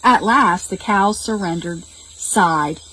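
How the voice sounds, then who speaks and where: Storytime reader: woman, lively and unhurried, faint room hiss. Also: mid-range voice, poor audio. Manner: animated, slow and expressive, explains words to children. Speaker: children's librarian reading a picture book. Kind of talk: storytime read-aloud for preschoolers. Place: public library.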